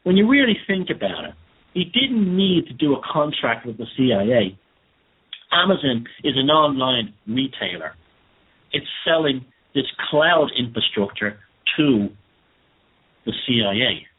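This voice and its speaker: Husky, indignant male commentator. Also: medium pitch, very animated, a little slow. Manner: indignant and conversational, with repeated emphasis. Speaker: commentator host. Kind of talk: monologue commentary. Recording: tinny phone-like sound.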